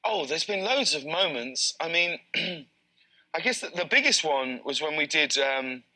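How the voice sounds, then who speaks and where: A man in his thirties, a talk show guest telling an animated story in casual chat, with quick bursts and many restarts. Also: on the high side, rough recording.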